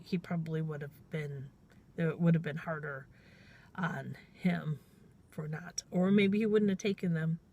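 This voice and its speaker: A middle-aged woman taxi driver telling a story in a chatty, rambling way, often quoting herself with "I'm all". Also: lowish voice. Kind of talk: casual storytelling vlog.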